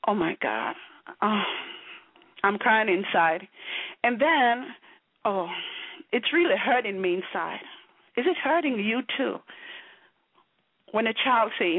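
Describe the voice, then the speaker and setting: A woman's voice: medium pitch, animated, slow, long pauses, slightly rough, no room sound. A woman gives a preachy, profane monologue to camera, emphatic and blunt, repeatedly asking "you know". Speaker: vlogger. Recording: tinny, phone-like and dry.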